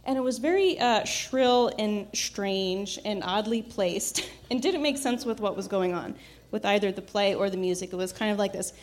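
A woman's voice: medium pitch, moderate pace. Reflective woman telling a personal story. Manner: reflective, laughs often, many fillers and restarts.

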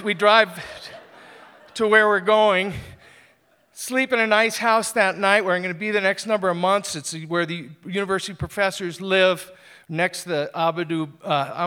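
A man tells a personal story live, animated and self-deprecating. His voice sits high and bright. He stumbles and restarts phrases as he goes. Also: smooth.

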